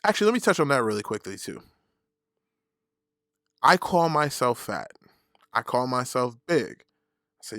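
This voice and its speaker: Profane, animated man hosting a podcast. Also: medium pitch, a little slow, long pauses, dry recording, clean studio sound. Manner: profane, animated storytelling with laughs. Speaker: podcast host. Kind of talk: casual solo podcast rant.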